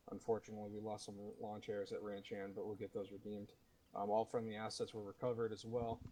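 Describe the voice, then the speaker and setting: A man commanding a military sim unit, leading a mission debrief over game voice chat in a steady, matter-of-fact manner. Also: lowish voice, a little hiss or hum, low-quality recording. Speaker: commanding officer running the debrief.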